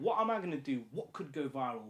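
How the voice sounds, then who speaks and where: Northern English man, podcast guest, brisk and slightly high voice, rambling casual chat. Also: sing-song. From Lincolnshire, England. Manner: rambling, filler-heavy, repeats "you know what I mean".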